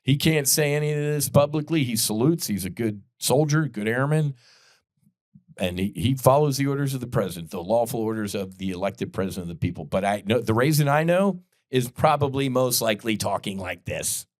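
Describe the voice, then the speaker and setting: Heated sweary guy ranting on his podcast, mid-pitched voice, dry close sound. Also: animated, brisk, no echo. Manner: blunt, profane, heated. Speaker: podcast host. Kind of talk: opinionated political commentary.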